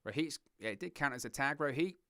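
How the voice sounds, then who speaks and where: A young man from southern England with a southern English accent, hosting a wrestling watch-along with excitable play-by-play commentary. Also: mid-range voice, fast, no echo, studio quality. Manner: excitable play-by-play, giggles at puns, reads chat.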